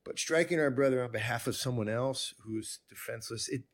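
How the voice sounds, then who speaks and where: A man hosting a conversation, telling a personal story in a rambling, animated way with many restarts. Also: mid-range voice, brisk. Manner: rambling, self-interrupting, animated. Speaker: podcast host.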